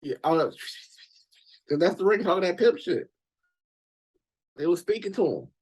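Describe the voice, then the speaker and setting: A man hosting a reaction channel, ranting casually about movie characters in a profane, emphatic, animated way. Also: high-pitched, moderate pace, husky.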